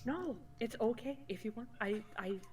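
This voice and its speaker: A woman's voice: a little high, lively intonation, moderate pace, distant mic, heavy background noise. A woman guest chatting casually on a stream, teasing and giggling. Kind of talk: casual chat.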